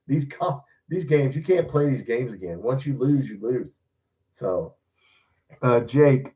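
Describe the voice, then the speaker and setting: A man, hosting a sports live stream in blunt, grumbling casual chat. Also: medium pitch. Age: 60s. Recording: dull distant mic sound.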